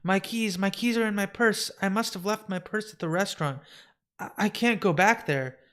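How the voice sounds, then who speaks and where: A lonely, despairing shapeshifter woman, read aloud by a man in a live comic book reading. She talks haltingly, with stammers and restarts, sounding hopeless. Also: high-pitched, fairly bright tone. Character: sad lonely shapeshifting woman wanting death.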